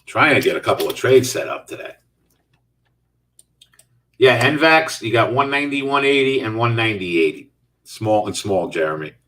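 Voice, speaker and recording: Middle-aged male trading host, lowish voice, loose live-chat delivery, sitting a little back from the mic. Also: animated, moderate pace, long pauses, sharp tone, recorded from a distance. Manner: casual, reads out and answers viewer chat while trading. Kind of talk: live trading stream commentary.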